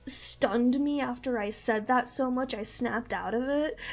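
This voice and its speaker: Speaking a little slowly in a fairly high voice, a young woman with a Midwestern-meets-Southern American accent chats casually as a stream host. She rambles, laughs often, and has faint background music.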